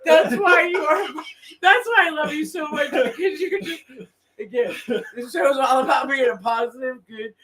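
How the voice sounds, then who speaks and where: A woman's voice: high voice, moderate pace, crowd noise. A woman hosting a podcast, reacting with easy laughter and exclamations. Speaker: podcast host. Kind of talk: casual chat. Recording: distant mic with background noise.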